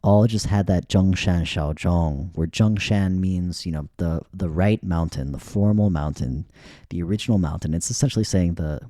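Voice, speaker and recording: A man's voice: deep voice, normal speed, warm tone, dry recording, clean studio sound. A man hosting a solo podcast, talking casually and thinking aloud with frequent restarts. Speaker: podcast host. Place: living in China.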